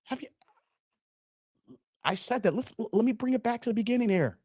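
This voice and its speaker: Animated high-voiced commentary host. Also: male voice, normal speed, pauses often, slightly rough, dry recording, clean studio sound. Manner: emphatic, repetitive and rambling, with slang. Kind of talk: livestream commentary with donation shout-outs.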